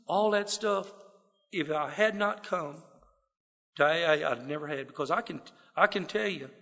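A man's voice: fairly high pitch, bright, forceful tone. A man giving a heartfelt, folksy personal testimony to a gathering. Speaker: speaker sharing recovery story. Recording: long reverb of a hall.

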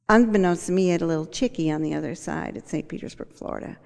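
A woman's voice: on the low side, fast, creaky, few pauses, a little mellow, in a large hall. A woman, likely in her sixties, candidly telling her personal recovery story and acting out the voices of people in it. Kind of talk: personal testimony.

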